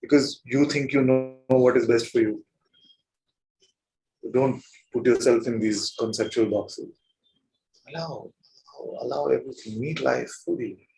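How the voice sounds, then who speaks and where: In a low-quality recording, a male teacher gives a gathering a spiritual talk, his mid-range voice a bit creaky. Gently playful, he chuckles a lot and keeps prodding listeners with rhetorical questions.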